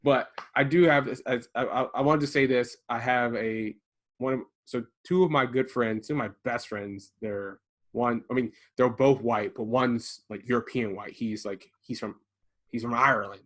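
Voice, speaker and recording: A man co-hosting a casual podcast from his garage, telling stories with animated delivery and acting out the voices of people he quotes. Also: mid-range voice, normal speed. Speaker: podcast co-host. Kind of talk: casual conversation. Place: home garage.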